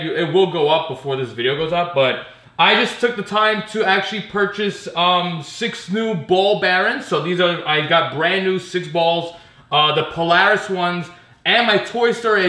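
A man talks through a loose, ranting vlog, sarcastic and quick to swear or laugh. His voice sits a little high and sounds bright and forceful. The room around him rings with a noticeable echo. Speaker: pinball vlogger. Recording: roomy echo.

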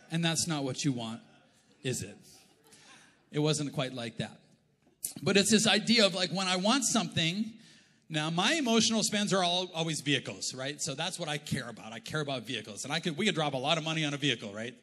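Speaking in a church auditorium, a middle-aged Canadian pastor delivers a loose, joking, conversational sermon. His fairly high voice is bright, forceful, animated and fairly quick, with the long reverb of a big church hall.

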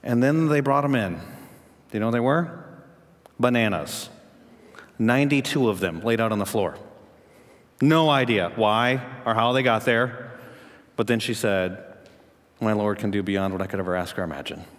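A man preaching a sermon as pastor, telling a story and asking the congregation questions, rising in pitch and volume to make his points. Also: normal speed, long pauses, long reverb tail.

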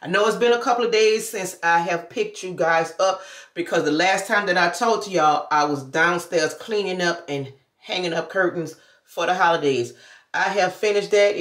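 A woman's voice: lowish voice, moderate pace, a bit bright. A woman, talking casually to her vlog viewers with loose slang and chatty asides. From New Orleans. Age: 50s. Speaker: vlogger. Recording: echoey room.

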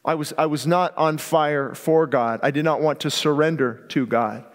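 A male pastor preaching a sermon with passion, swinging from near-shouts down to quiet, low asides. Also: steady tone, moderate pace. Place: church sanctuary. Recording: long hall reverb.

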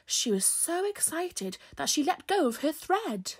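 Woman, children's storyteller, slow, expressive, high-ish voice. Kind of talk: reading a picture book aloud.

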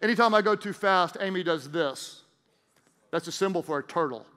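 A middle-aged man, a pastor preaching a sermon, emphatic and swinging between booming lines and hushed ones. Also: moderate pace. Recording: long church reverb.

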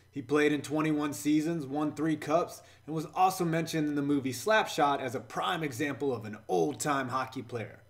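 A man hosting a scripted comedy countdown voice-over, delivering sarcastic jokes and innuendo. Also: on the high side. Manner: sarcastic, joking, innuendo-heavy. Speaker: YouTube channel host.

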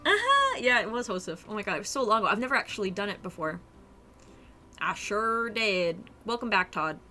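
Bright-voiced, chatty woman streamer. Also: mid-range voice, very fast, soft background music. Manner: animated, chatty, reacting to chat messages, laughs often. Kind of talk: casual live-stream chat with viewers.

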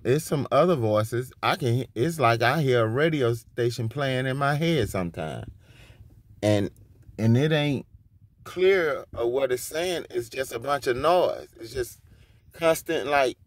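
A man's voice: medium pitch, no echo. A man talking casually about his faith while sitting outside his workplace. He rambles and often breaks off to exclaim and hum to himself. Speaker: vlogger. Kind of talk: casual spiritual monologue.

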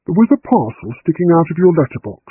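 A man's voice: a little high, big pitch swings, fast talker, husky, pitched above the performer's own voice, exaggerated voice. A man doing a blunt, snappish middle-aged woman sleuth. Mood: brusque. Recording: tinny phone-like line.

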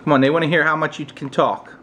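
An American man chatting casually with his toddler on camera, using playful baby talk and high, coaxing questions. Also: fairly even intonation, fast, sharp tone, a little hiss or hum. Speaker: parent vlogger.

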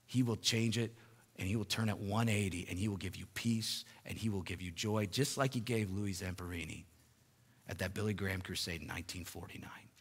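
A man preaching a sermon as pastor, rising loud for emphasis and dropping soft and slow. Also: breathy edge. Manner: rises in pitch and volume for emphasis, then drops soft and slow. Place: church sanctuary. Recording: long hall reverb.

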